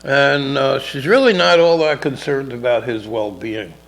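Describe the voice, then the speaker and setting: Gravelly man telling a rambling story. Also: mid-range voice, a little slow, fairly bright tone, poor audio. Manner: rambling, acts out characters in dialogue. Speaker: podcast co-host telling a story. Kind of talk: casual storytelling chat.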